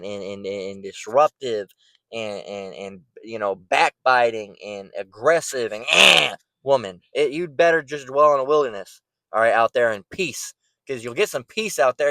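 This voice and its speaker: A man's voice: mid-range voice, animated, moderate pace, fairly bright tone, dry recording. A man giving an informal, blunt preaching rant, profane and repeating words as he gets worked up. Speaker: online preacher.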